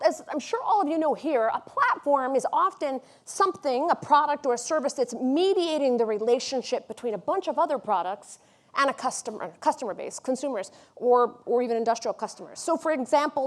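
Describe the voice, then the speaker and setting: A woman giving an academic conference talk in an upbeat, conversational way. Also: high voice. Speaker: academic speaker.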